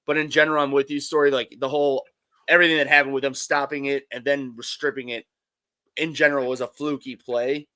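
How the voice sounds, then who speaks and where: Rambling bright-voiced man, co-hosting. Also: mid-range voice, level tone, fairly quick, no echo. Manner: rambling, restarts, jokey. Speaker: co-host. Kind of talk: live sports talk show.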